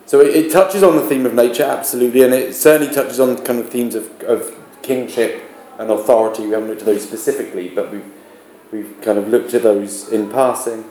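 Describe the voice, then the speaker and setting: Mellow-voiced male teacher in echoey classroom. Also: mid-range voice, steady tone, fairly quick. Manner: explains patiently, asks rhetorical questions. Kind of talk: classroom literature lesson. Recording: echoey classroom with background noise.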